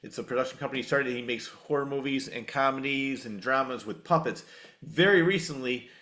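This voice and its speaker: A man's voice: medium pitch, brisk, bright, forceful tone. A man hosting a podcast in casual chat, enthusiastically plugging channels and telling stories. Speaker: podcast host.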